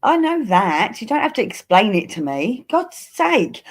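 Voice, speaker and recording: A woman's voice: on the high side, big pitch swings, a little slow, breathy edge. A woman from Kent with a Kent English accent, hosting a livestream and chatting casually with teasing, swearing banter. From Kent, England. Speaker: livestream host.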